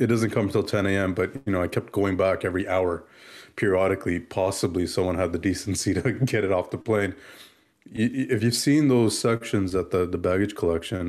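A man in casual chat, telling an animated story and acting out the exchanges he quotes. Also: deep voice, brisk.

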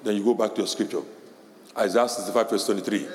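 Animated preacher in an echoey hall. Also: male voice, fast. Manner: animated, shouting mother's lines high, laughing often. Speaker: pastor. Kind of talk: sermon. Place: church hall. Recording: echoey hall with long reverb.

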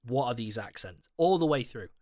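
A man's voice: mid-range voice, normal speed, no echo, studio quality. A man co-hosting a casual film chat, laughing and swearing as he retells scenes. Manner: laughing, swearing, animated storytelling. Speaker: podcast co-host.

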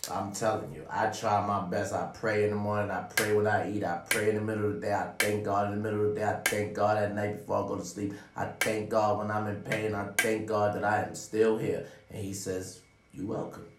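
A man delivering a profane, preachy motivational monologue straight to his viewers, often calling out "ladies and gentlemen.". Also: on the low side, little pitch movement, brisk, few pauses, recorded from a distance, background noise. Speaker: vlogger giving life advice. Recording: roomy sound, away from the mic.

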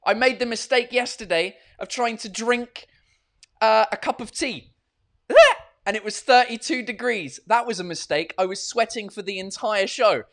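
A man's voice: high voice, moderate pace, fairly bright tone. A man hosting a casual live-stream podcast, rambling and swearing freely as he chats from a hot room with a fan running. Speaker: podcast and livestream host.

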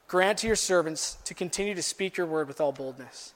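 A man preaching a sermon in a high-pitched voice. He builds to emphatic passages, and his words ring out with a long reverb in a church hall. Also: fairly quick, few pauses, a bit bright. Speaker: pastor.

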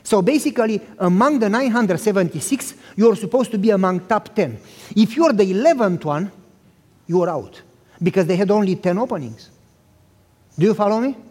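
Accented male preacher, high voice, very lively pitch, storytelling sermon, reverberant hall. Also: moderate pace, breathy edge. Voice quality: accented speech. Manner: animated, acts out dialogue, talks directly to the listeners.

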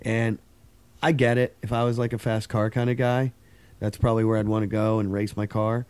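A middle-aged man with a lowish voice talks casually into a podcast mic. He tells an animated, profanity-laced story and acts out the other voices. The sound is close and dry, with no room echo. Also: brisk, clear, resonant tone. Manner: swearing, animated storytelling with acted quotes. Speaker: podcast host. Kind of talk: casual chat.

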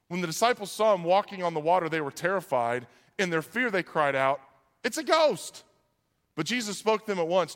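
Chatty pastor preaching in a big hall. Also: male voice, high voice. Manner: conversational, uses "like" often, animated storytelling. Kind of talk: sermon. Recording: long hall reverb.

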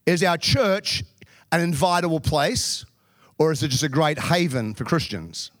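A man preaching a sermon in a lively, joking way with quick asides. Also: on the high side, no room sound, studio quality. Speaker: pastor.

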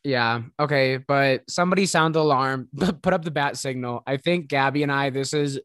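A man's voice: mid-range voice, normal speed, fairly bright tone, clean tone, no room sound, studio quality. A man with a Midwestern accent co-hosting a podcast, bantering playfully with frequent giggles. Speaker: podcast co-host. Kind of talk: casual chat.

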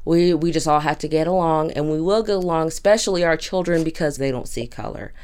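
A woman in her twenties from Durham, North Carolina, telling a personal story in a thoughtful way with frequent pauses. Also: low-pitched, darkish tone, smooth. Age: 20s. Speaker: community storyteller. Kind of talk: reflective storytelling.

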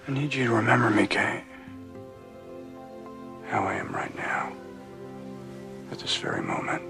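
An earnest, gravelly film hero. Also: male voice, fairly low pitch, huge pitch swings, unhurried, full character voice. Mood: pleading. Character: earnest adult man in a film drama. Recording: film clip with music underneath. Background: film score.

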